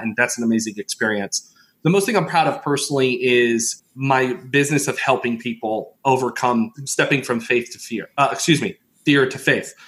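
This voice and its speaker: A middle-aged man telling stories as a podcast guest, animated and quick to laugh. He acts out the people in his stories. His voice sits at a medium pitch. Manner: animated storyteller, laughs often, acts out quotes. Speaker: podcast guest, mindset coach. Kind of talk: casual interview storytelling.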